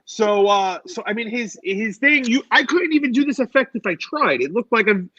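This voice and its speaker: A man's voice: sits high, lively intonation, moderate pace, bright, forceful tone, breathy edge, highs cut off. A man hosting a casual chat show, joking and cutting in on his guests. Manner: joking, interjecting host. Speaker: host.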